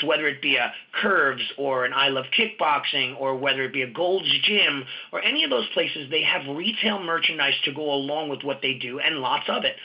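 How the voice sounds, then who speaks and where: A man who owns and coaches martial arts schools, talking in an audio interview and telling stories with lively quoted dialogue. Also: a little high, muffled recording. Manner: animated storyteller, acts out quoted dialogue.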